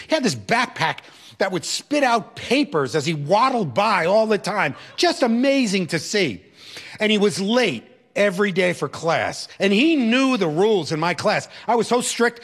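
A man, a teacher and former religious brother, telling a personal story with animated, expressive delivery that swings from loud to hushed. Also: high-pitched.

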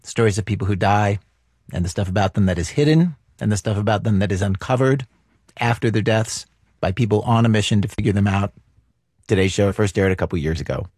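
Low-voiced male radio host, dry studio. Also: brisk, a little mellow, husky, dry recording. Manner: wry, self-questioning asides. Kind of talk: public radio hosting.

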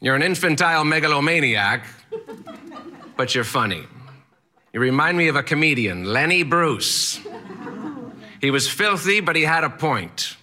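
A man voicing an eccentric old male Latin teacher who speaks in a strange, theatrical way and yells bluntly. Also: on the high side, expressive, normal speed, pauses often, voice pushed up. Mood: amused.

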